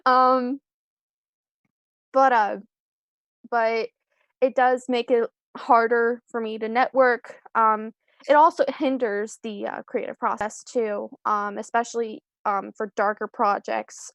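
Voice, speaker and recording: A woman's voice: a little high, steady tone, slow, vocal fry, dry recording. A young woman on a video call, chatting casually as a screenwriter guest, rambling and self-deprecating with many ums and restarts. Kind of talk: casual live-stream interview.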